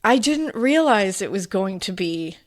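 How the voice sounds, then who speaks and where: A woman's voice: mid-range voice, animated, measured pace. Woman, podcast co-host; casual, emotional, rambling storyteller, mid-range voice. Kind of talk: casual chat.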